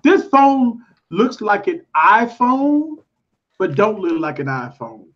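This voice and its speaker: A man with a husky voice hosts a live tech chat, loud and mocking. His pitch jumps around a lot. The stream audio is dull and lo-fi. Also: big pitch swings, slow. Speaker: tech show host.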